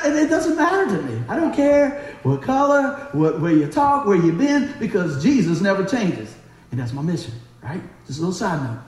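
A man delivers a sermon in a high, animated voice that leaps up and down. He tells stories fast, laughs often and acts out the people in them. The sound rings through a very echoey church hall. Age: 40s. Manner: talks fast. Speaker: preacher. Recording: very echoey room.

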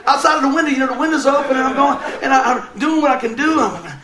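A man's voice: very high voice, rapid-fire, roomy sound, crowd noise. A man preaching a sermon, telling a funny personal story and laughing often as he goes. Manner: animated, laughing through funny stories. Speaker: pastor.

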